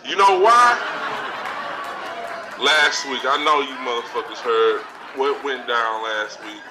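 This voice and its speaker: A man's voice: medium pitch, slow pace, distant mic, a crowd in the background, background noise, natural voice. A man playing a brash, profane talk-show persona who boasts, threatens and laughs between his lines. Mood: cocky. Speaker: podcast segment host in character.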